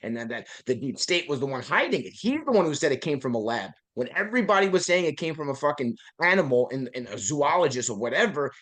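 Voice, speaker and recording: A man's voice: medium pitch, sing-song, fast talker, few pauses, a bit bright. A man in a heated podcast chat, talking in an emphatic, profane way and often asking "right?". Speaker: podcast guest.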